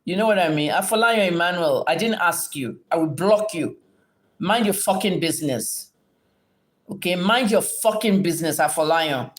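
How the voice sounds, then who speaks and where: A woman's voice: lowish voice, lively intonation, moderate pace. A middle-aged woman rants on her livestream, lecturing and cursing at commenters. Her delivery is blunt, scolding and combative as she answers viewers. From Nigeria. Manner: combative, scolding, heavily profane. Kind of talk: livestream rant and Q&A.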